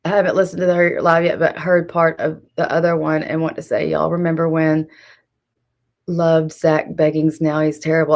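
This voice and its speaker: A woman's voice: sits low, little pitch movement, moderate pace, gravelly, darkish tone. Sassy gossiping woman streamer, drawl. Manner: sassy, gossipy, talks straight to chat. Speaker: streamer host. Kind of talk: casual live-stream commentary.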